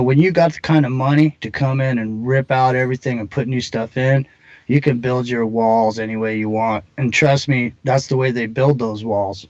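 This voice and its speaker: A man's voice: medium pitch, no room sound. Rambling male guest on a dull line. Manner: rambling, many fillers and restarts. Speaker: show guest. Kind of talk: casual conversation.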